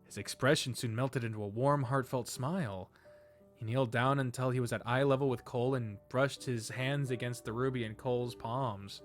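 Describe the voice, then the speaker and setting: A man's voice: mid-range voice, fairly even intonation, moderate pace, soft background music. A man hosting a let's play, reading a story game aloud with profane laughing asides. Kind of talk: reading a visual novel aloud.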